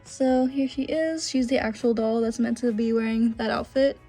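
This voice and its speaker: A woman's voice: fairly high pitch, fairly even intonation, moderate pace, warm tone, soft background music. A young woman vlogger chatting casually about her collection, gushing and full of filler words. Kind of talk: casual show-and-tell chat.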